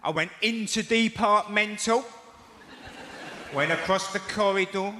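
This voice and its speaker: High-voiced Cockney comedian in an echoey theatre. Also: male voice, measured pace. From East End of London. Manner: animated storytelling with acted-out voices. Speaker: stand-up comedian. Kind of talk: stand-up comedy. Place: large theatre stage. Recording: echoey theatre, loud noise. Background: audience laughter.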